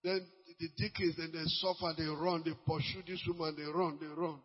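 A man with a Nigerian accent preaching a sermon as pastor, lively and mixing Pidgin, sometimes breaking into shouts. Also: fairly high pitch, normal speed, husky. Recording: muffled, long hall reverb.

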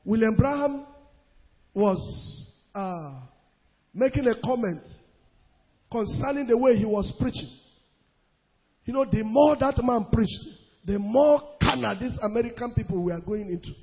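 A male preacher delivering an emphatic sermon. He stretches scripture quotes out slowly and rises into shouts. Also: very high-pitched, lively intonation, breathy edge. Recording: lo-fi recording in a reverberant hall.

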